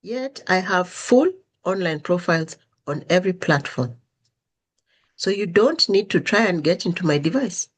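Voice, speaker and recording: A woman's voice: on the low side, normal speed, breathy edge. A woman hosting a podcast, telling stories in a conversational way and acting out the quoted dialogue with changing intonation. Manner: animated, acts out quoted dialogue with shifting intonation. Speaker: podcast host. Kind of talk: conversational storytelling monologue.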